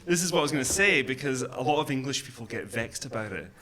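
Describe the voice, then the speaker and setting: A man's voice: medium pitch, lively intonation, quick pace, bright, forceful tone, slight background noise. A man from Glasgow with a mild Glaswegian accent, doing a stand-up comedy set in a club, chatty and self-deprecating with many ums and uhs. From Scotland, Glasgow. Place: comedy club with live audience. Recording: live club set with audience laughter.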